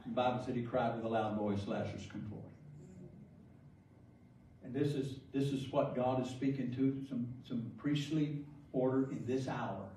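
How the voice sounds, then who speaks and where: A man's voice: mid-range voice, steady tone, normal speed, dark tone. Male preacher, joking storyteller, distant mic in a reverberant sanctuary, faint room hum. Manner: jokey storytelling, laughs often. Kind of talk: preaching a sermon. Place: large church sanctuary. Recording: echoey hall from far off.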